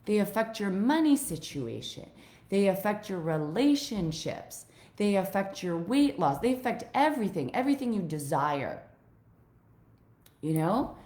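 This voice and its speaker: A woman's voice: mid-range voice, very animated, unhurried, warm tone, echoey room. A woman life coach talking raw and heartfelt to her viewers, swearing freely as she opens up about old pain. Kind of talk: emotional personal vlog to viewers.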